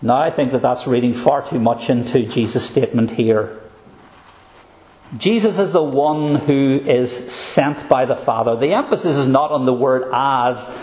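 A man preaching a sermon, earnest and emphatic, slowing down to stress key phrases. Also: mid-range voice, darkish tone, roomy sound, low-quality recording.

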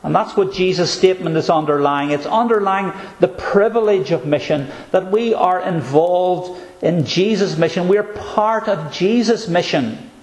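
A man delivers a sermon in a slightly higher voice, earnest and emphatic, slowing down to stress key phrases. The sound is echoey, as if from a church room. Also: darkish tone. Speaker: preacher.

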